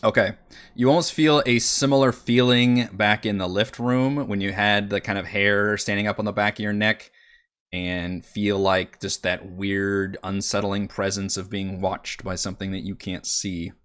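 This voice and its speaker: A man's voice: fairly low pitch, fairly even intonation, moderate pace, a bit bright, clean tone. A man narrating as dungeon master in a tabletop game, describing scenes with frequent hesitations. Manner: hesitant, filler-laden description.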